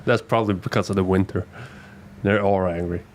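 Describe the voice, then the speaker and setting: Blunt, low-voiced young man. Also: steady tone, fairly quick, a little hiss or hum. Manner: blunt, swears a lot. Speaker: podcast co-host. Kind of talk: casual chat.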